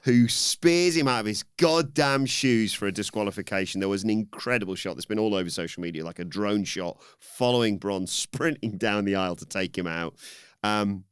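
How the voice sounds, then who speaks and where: A man co-hosting a podcast, recapping a wrestling show in an animated way and acting out the lines in raised voices. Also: on the low side, normal speed, clear, resonant tone, no room sound, clean studio sound. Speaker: podcast co-host.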